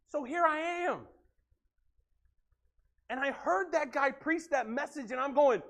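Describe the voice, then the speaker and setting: A male pastor preaching a sermon earnestly, swinging from loud to hushed. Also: extremely high pitch, a little slow, long pauses.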